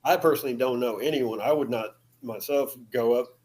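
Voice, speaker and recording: Brief: male podcast guest, mid-pitched, relaxed storyteller who laughs between lines. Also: a little fast. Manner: chuckles often, leans on "you know". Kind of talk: casual storytelling.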